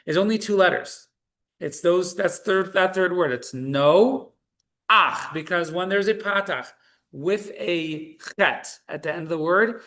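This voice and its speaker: A man leads an online reading class, his voice bright and a little high. He talks slowly and patiently, breaking words into single syllables over a video call. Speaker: Hebrew reading teacher.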